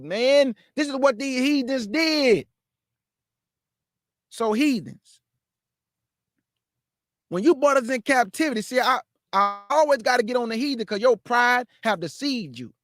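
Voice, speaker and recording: A man preaching to his listeners, emphatic and repetitive, calling them family and swinging between shouts and low asides. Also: no echo, clean studio sound. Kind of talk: street-style preaching.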